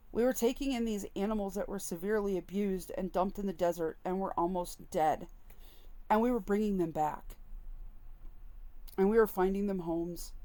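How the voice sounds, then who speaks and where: A woman talks straight to her viewers in a candid, earnest personal vlog. Her voice sits at an ordinary middle pitch, and she speaks plainly and openly with feeling. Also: mellow. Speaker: vlogger sharing personal experience. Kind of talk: personal storytelling to camera.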